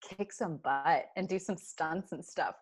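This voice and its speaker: A woman's voice: lowish voice, measured pace, husky. Chatty young woman guest, laughing often. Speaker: guest actor and director. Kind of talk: casual podcast chat.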